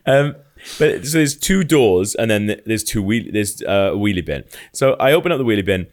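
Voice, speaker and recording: Man, lively pitch, casual comedic storytelling, swearing, restarts. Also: moderate pace. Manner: animated, swearing, with frequent restarts and laughter. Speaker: podcast co-host telling a story.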